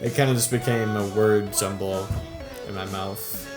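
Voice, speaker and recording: Young man, casual vlog commentary, slightly low voice, chatty, laughs often, faint music behind. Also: fairly even intonation, moderate pace. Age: young adult. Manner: chatty, upbeat, laughs often, trails off into mumbles. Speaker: YouTube creator reviewing his own videos.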